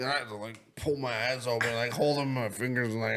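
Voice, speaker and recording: A young man co-hosting a podcast, telling stories in a loose, animated way and swearing a lot. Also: medium pitch, fast, noisy background. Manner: animated storytelling, heavy swearing. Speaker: podcast co-host. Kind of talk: casual chat.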